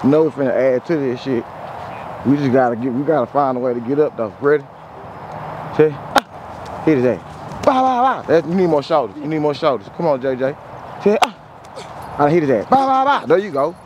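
A man's voice: medium pitch, normal speed, long pauses. Blunt, profane man coaching drills outdoors. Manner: blunt, profane coaching with shouted sound effects. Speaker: football trainer. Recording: outdoor traffic noise.

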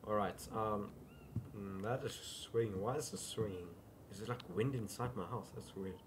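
This gaming YouTuber is a young man with a fairly low, mostly even voice, talking at normal speed over a noisy background. Playing a horror game in a casual let's-play, he startles easily, shouts when spooked, and says "dude" constantly.

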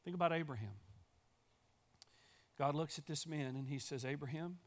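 A man's voice: on the high side, moderate pace. A man preaching a sermon as pastor in a church sanctuary, emphatic and repetitive, building to rallying calls.

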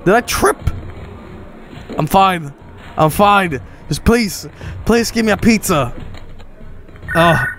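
A young man casually commenting while he plays a video game, excitable and often swearing. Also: sits high, takes it slowly, pauses often, soft background music. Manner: excitable, swearing, laughing, reading game lines aloud. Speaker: streamer. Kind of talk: casual let's-play commentary.

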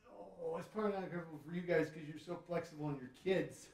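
Reading aloud to children, a dad speaks quickly in a voice on the high side, gravelly yet a little mellow. Storytime here doubles as exercise, and he's goofy about it, groaning and joking through each pose. He's recorded from a distant mic with roomy echo and sounds a bit off-mic.

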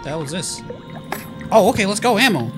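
A man commenting on his own horror game play, jumpy and foul-mouthed, talking to himself and shouting when scared. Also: high voice, sing-song, brisk, music in the background. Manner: jumpy, profane, talks to himself. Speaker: gamer.

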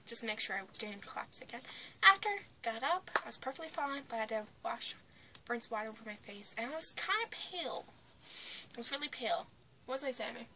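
A woman's voice: fairly high pitch, expressive, a little fast, slight background noise. A young woman vlogger casually telling a personal story to the camera, blunt, often dropping to a whisper. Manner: blunt, retelling with swings in loudness.

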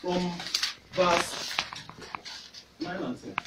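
A man with a Nigerian accent preaching a fervent sermon, shouting at the peaks and repeating his phrases. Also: high-pitched, flat delivery, drawn-out words, noisy background. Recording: echoey, distant hall recording.

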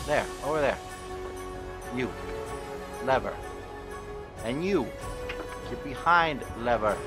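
A man's voice: mid-range voice, lively intonation, slow pace, long pauses, over music. A man giving gameplay commentary, frustrated and swearing as he talks to objects in the game. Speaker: gaming YouTuber.

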